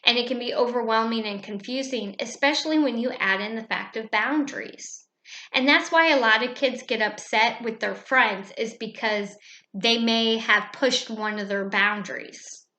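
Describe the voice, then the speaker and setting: A woman teacher calmly explaining how she runs her classroom, speaking in a measured way with frequent "um"s. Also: a little high. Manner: calm, measured, with many fillers. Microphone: webcam. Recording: echoey room.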